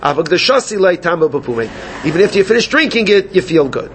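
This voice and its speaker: A man teaching a Gemara class, animated and questioning his students. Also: sits high, quick pace, a little hiss or hum. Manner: animated, questioning students, mixes Yiddish and Hebrew terms. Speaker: Talmud teacher.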